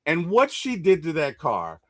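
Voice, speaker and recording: Man, casual chat, animated storyteller, lively pitch, dry close sound. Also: unhurried, dry recording. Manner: animated storyteller, laughs and shouts when excited.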